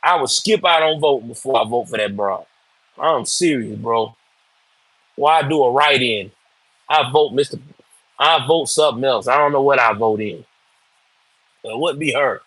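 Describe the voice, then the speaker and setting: A man's voice: mid-range voice, moderate pace, pauses often, a bit bright, dry recording, low-quality recording. A man hosting live political commentary, ranting in a blunt, profane, emphatic way.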